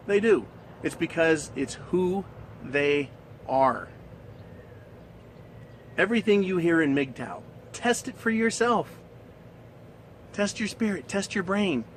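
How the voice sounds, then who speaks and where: A man's voice: high voice, a little hiss or hum, rough recording. A man ranting in a coarse, scornful monologue, swearing and laughing at his own points. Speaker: commentator.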